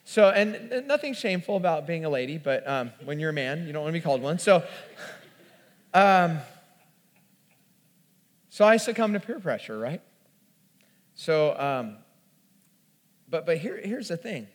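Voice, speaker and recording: A man telling a self-mocking, animated story as part of a sermon. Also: on the high side, a little slow, pauses often. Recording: long hall reverb.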